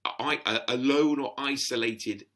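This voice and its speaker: A man's voice: medium pitch, measured pace, fairly bright tone. A middle-aged man telling stories in a chatty, rambling way, full of restarts, as a podcast guest. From England. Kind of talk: casual storytelling.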